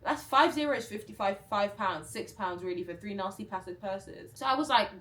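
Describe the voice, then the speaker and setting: A young woman vlogging a casual storytime, chatty and animated, full of fillers. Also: medium pitch, moderate pace, hardly any pauses.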